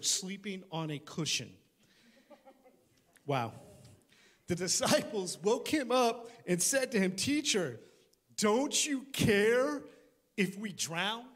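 Man, pastor, live church sermon, high voice, animated, restarts, joking asides. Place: church service before a congregation.

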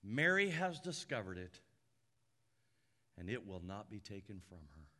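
Male pastor, conversational sermon, bright, forceful tone. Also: sing-song, unhurried. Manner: conversational preaching, dropping soft and low for emphasis.

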